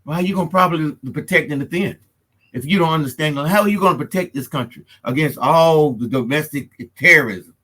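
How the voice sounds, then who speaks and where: A man's voice: fairly high pitch, a little fast, pushed and bright. A man co-hosting a casual political talk show who speaks emphatically and gets worked up. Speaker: co-host.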